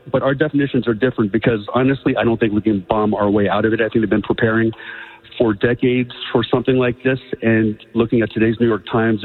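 A man's voice: on the low side, breathy edge. A man calling into a radio show, speaking earnestly and hesitantly with many fillers. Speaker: caller. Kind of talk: call-in on talk radio. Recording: tinny phone line with long reverb.

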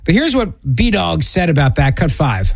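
A man hosting a political talk radio show, giving emphatic, opinionated commentary in quick bursts with frequent restarts. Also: on the high side, very animated, vocal fry.

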